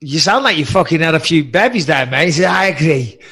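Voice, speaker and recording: A man's voice: on the high side, very animated, fast, bright, forceful tone, breathy edge. A middle-aged man hosting an interview, telling stories and joking with swearing banter. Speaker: podcast host and commentator. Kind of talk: casual interview chat.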